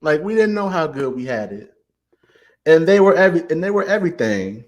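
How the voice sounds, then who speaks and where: A man in his late twenties hosting a casual commentary show, talking with animated, heartfelt emotion, stammering and repeating "man" often. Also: on the high side, a little fast, muffled recording. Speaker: host.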